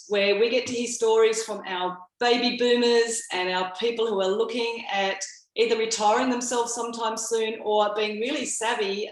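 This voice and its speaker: An Australian woman in her fifties, hosting an event and giving an upbeat motivational talk straight to her audience. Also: mid-range voice. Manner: upbeat, addresses the audience directly. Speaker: event host. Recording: roomy, echoey sound.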